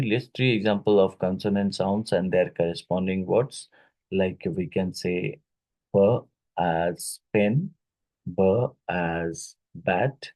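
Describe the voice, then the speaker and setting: A man teaching an exam-prep phonetics lesson, unhurried and often checking in with "right?". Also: low voice, a little mellow, rough recording. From India. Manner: unhurried, with frequent tag questions like "right?".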